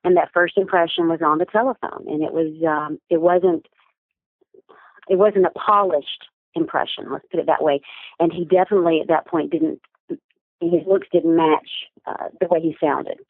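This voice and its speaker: A woman coach answering interview questions in a clear, articulate, teaching manner. Her voice comes through a thin, phone-like line. The sound is dry, with no room to it. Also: sits low, fairly even intonation, no echo. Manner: articulate, instructive, measured. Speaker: business communication coach, guest.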